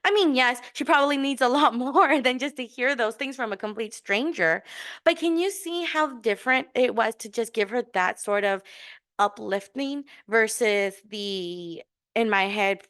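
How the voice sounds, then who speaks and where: Her voice sits a little high here and moves at normal speed. The podcast host, a middle-aged woman, keeps things warm and encouraging as she shares a casual story, often laughing, restarting sentences and using fillers.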